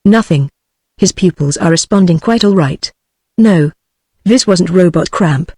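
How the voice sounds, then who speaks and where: A calm, curious male doctor, read by a synthetic British woman's voice. His remarks are detached and clinical, heard in a dry, close recording. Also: lowish voice, measured pace, slightly rough, no room sound. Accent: British English.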